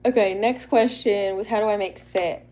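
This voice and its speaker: A woman hosting a casual live Q&A, rambling and chatty and quick to laugh. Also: medium pitch, steady tone, warm tone. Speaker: livestream host.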